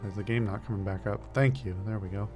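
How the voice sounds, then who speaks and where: Male streamer, relaxed narration of a game, musing aloud, faint music bed. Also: fairly low pitch, fast. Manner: casual, musing aloud, stumbles on words. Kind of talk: reading a game aloud and commenting.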